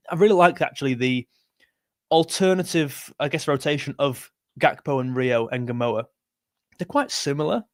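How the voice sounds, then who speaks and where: A man's voice: a little high, dry recording, studio quality. A man hosting a football live stream, chatting and reading out viewer comments in a rambling, self-correcting way. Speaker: football livestream host.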